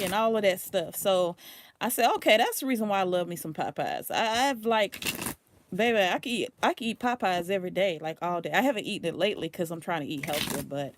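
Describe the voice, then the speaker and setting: A woman's voice: medium pitch, fairly quick, a little hiss or hum. A woman from Louisiana with a Louisiana accent and a touch of New Orleans, a tarot reader chatting casually and rambling on a livestream, blunt and sweary. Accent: Louisiana, with some New Orleans.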